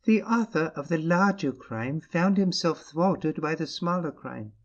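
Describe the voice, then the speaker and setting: Father Brown, a slow, reasoning priest, played by a man. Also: on the high side, expressive. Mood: calm. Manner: measured, explanatory. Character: Father Brown, a calm, shrewd middle-aged priest. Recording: muffled lo-fi recording.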